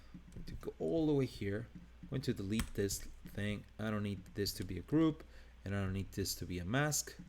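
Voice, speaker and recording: A man's voice: fairly low pitch, animated, moderate pace, a little mellow, a little hiss or hum. Man, non-native English accent, live design lesson, casual, upbeat, thinking aloud. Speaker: design instructor. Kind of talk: live screen-share design tutorial.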